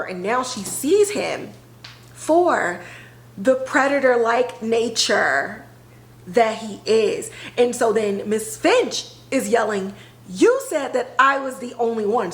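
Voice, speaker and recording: A woman podcast host retelling a TV episode in a casual, animated way, full of filler words. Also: on the high side, echoey room, low-quality recording. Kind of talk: casual storytelling recap.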